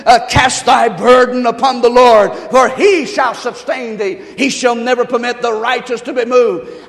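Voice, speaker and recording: A male pastor preaching a sermon to his congregation, swinging from quiet, hushed lines to loud shouting. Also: very high voice, gravelly, in a large hall. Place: large church.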